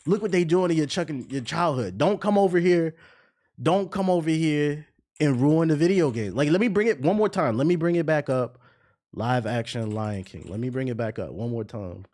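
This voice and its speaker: A man's voice: fairly high pitch, animated, normal speed, a little mellow. A young man streamer ranting in casual, profane commentary, now and then mocking voices.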